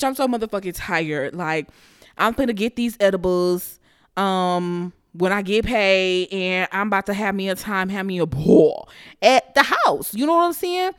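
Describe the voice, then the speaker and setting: A young woman runs her own podcast in a brash, playful monologue. She swears freely and laughs a lot as she talks. Her voice sits at an ordinary middle pitch. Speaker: podcast host. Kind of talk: casual solo podcast monologue.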